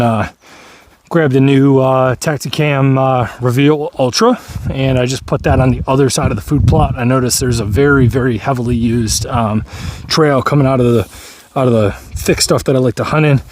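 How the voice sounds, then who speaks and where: A man's voice: medium pitch, dry recording. Breathless man rambling outdoors. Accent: Upstate New York. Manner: rambling, many ums and uhs. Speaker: vlogger. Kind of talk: casual outdoor vlog. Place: outdoors on a field.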